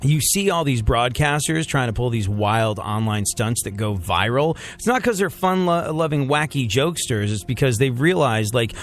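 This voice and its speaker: A man's voice: medium pitch, animated, moderate pace, few pauses, faint music behind. A man co-hosting a radio show, joking in casual banter with sarcastic asides and lots of fillers.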